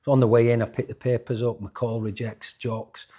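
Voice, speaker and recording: A man, a former footballer telling animated stories in an interview, often restarting his sentences. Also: medium pitch, moderate pace, slightly rough. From Yorkshire, England. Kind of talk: casual interview storytelling.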